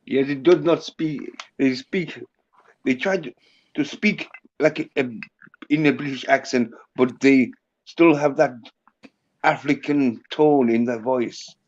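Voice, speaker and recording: A man joining a casual livestream chat, explaining things in halting, rambling bursts. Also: mid-range voice. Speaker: livestream guest. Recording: muffled lo-fi line.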